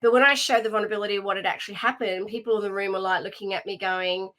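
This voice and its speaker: A woman's voice: mid-range voice, fairly even intonation, very fast, a bit bright, rough recording. A woman, a leadership coach chatting as a guest and telling stories with lots of fillers and restarts. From Australia. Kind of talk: casual interview conversation.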